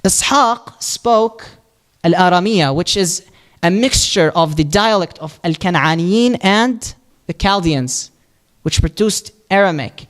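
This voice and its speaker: A man's voice: sits high, expressive. A man teaching a religious lesson, explaining step by step and answering his own questions. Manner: recites Arabic supplication quickly and softly. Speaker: Islamic teacher.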